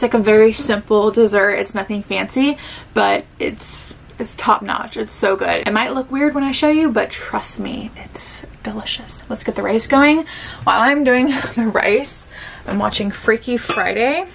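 Chatty young woman with a gravelly edge. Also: medium pitch, a little hiss or hum. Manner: chatty, upbeat, laughs often. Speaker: food vlogger. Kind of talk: casual vlog narration. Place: home kitchen.

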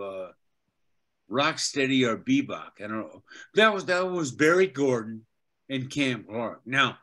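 An older man, a veteran voice actor and teacher, telling animated anecdotes as an interview guest. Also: medium pitch. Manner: animated anecdotes, acts out quotes. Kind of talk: casual interview storytelling.

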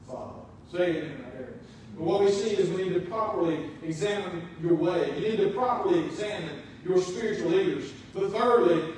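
Man, pastor preaching, high voice, heard from back of a reverberant sanctuary. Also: slight background noise. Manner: emphatic preaching, swings between loud and soft. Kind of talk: sermon. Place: church sanctuary. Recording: very echoey, from a distance.

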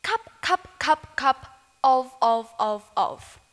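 A woman's voice: sits high, expressive, slow pace, fairly bright tone, exaggerated voice. A woman playing a young Cockney flower girl in a school stage musical, singing and then stumbling through speech drills. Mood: struggling, drilled.

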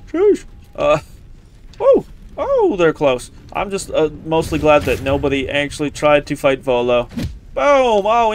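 A man with a fairly high voice streams a video game. He gives excitable running commentary and talks back to the characters on screen. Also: gravelly, slight background noise. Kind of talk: casual gameplay commentary.

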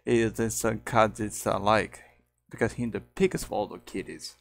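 A man hosting a casual vlog, talking in a halting way with many restarts and broken phrasing. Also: fairly low pitch, steady tone, vocal fry. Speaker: channel host. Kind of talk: casual vlog chat about his characters.

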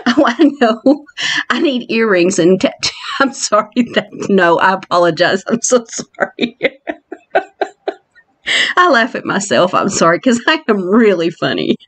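A woman narrates a video game island tour in a casual, chatty way, laughing often at her own jokes. Her pitch swoops widely as she squeals in playful mock fright, and she draws her words out slowly. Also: very animated, a bit bright, husky. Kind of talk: casual gameplay commentary.

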